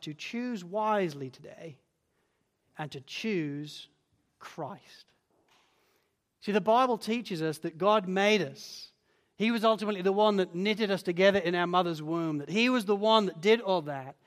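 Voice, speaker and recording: A man preaching a sermon as a pastor, earnest and pleading, sinking to a hush on key lines. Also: high voice. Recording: long church reverb.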